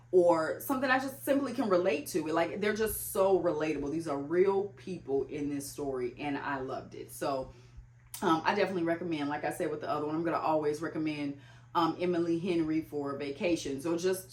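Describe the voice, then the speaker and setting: A young woman chatting casually about books as a vlogger, talking loosely with lots of "like" fillers. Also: low-pitched. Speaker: book vlogger. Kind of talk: casual chat. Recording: echoey room.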